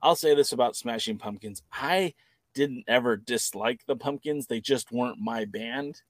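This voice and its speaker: A man's voice: mid-range voice, normal speed, no echo. A man co-hosting a podcast, talking casually in a rambling, opinionated way that often corrects itself mid-sentence. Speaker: podcast co-host. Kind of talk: casual chat.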